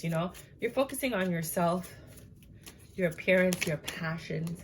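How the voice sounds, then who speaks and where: A woman's voice: lowish voice, unhurried, noisy background. A woman giving a casual, chatty tarot reading to her viewers, tired and yawning, with many fillers and asides. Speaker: tarot reader.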